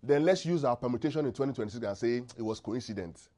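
A male preacher delivering a sermon with a voice that swoops up and down, full of expressive rises and falls. He keeps checking in with his listeners and leaves gaps in the verses for them to call back the missing word. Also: mid-range voice, fast talker. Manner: call-and-response, asks congregation to finish verses.

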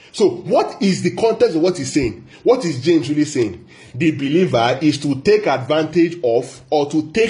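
Emphatic high-voiced male preacher. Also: a little mellow. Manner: emphatic, repeats key phrases and asks rhetorical questions; slows down to stress scripture quotes. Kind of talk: bible teaching sermon.

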